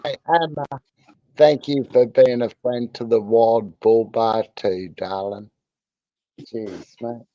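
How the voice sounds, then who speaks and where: An Australian man chats slowly on a late-night livestream, his tone mellow and unhurried. The sound is dry and a little dull, like a lo-fi stream mic. He swears freely and keeps laughing between lines. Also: mid-range voice, steady tone, no room sound. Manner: laid-back, swearing, laughing often. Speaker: livestream co-host. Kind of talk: casual late-night chat. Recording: muffled lo-fi stream audio.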